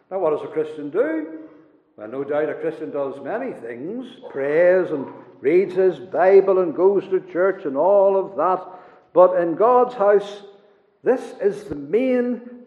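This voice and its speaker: Slow, high-voiced preacher in an echoey hall. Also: male voice, a little mellow. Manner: slow, emphatic preaching with dramatic drops in volume. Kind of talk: sermon. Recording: roomy, echoey church hall, dull lo-fi sound.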